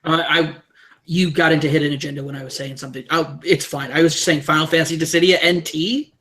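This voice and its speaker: A man co-hosting a podcast in casual chat, enthusiastic and quick to chime in. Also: a little high, steady tone, bright, forceful tone. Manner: enthusiastic, chiming in often. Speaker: podcast co-host.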